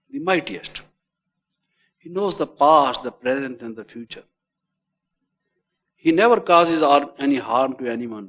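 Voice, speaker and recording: Man, indian english accent, spiritual lecture, emphatic then trailing off, long reverb. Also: on the high side. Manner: repetitive, emphatic, often trailing off quietly at phrase ends.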